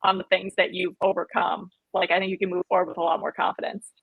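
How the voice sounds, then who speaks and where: A woman with a slightly husky, mid-pitched voice speaks as a guest on a podcast. She talks earnestly and candidly about her own experience. Her voice is close and dry. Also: level tone, fast, no room sound, narrow, tinny audio. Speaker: guest fitness trainer. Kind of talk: casual podcast chat.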